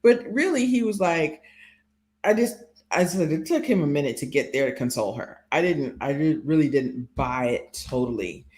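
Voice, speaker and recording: Animated woman retelling scenes. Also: low-pitched, moderate pace. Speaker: co-host reviewing a reality show. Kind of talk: casual chat.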